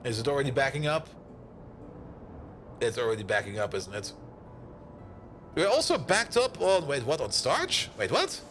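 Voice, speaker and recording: Young male streamer, bright and tense tone, bouncy delivery, jokey and rambling. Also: mid-range voice, big pitch swings, moderate pace, pauses often, slight background noise. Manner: joking, rambling, laughs often. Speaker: game streamer. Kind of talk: casual live-stream chat.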